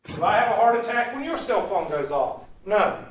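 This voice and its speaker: A man's voice: high-pitched, big pitch swings, normal speed, slight background noise. A man, a college math instructor giving a joking, folksy first-day talk to his students in a classroom. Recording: distant, echoey, muffled classroom recording.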